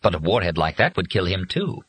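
A man's voice: deep voice, a little fast, breathy edge, heavily acted, rough recording. A man voicing a formal robot servant. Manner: formal, calm and explanatory. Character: dutiful male robot servant.

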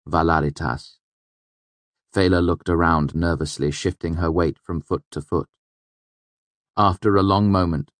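A man reading a novel aloud as narrator, in measured, tense storytelling. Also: deep voice, no room sound. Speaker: audiobook narrator. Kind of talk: scripted narration.

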